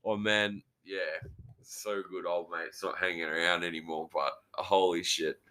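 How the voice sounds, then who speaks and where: A man's voice: low-pitched, little pitch movement, normal speed, pushed and bright, smooth. A young man with an Australian accent, a podcast guest telling rambling crude stories and laughing. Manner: rambling storyteller, swears, laughs. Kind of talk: crude casual banter.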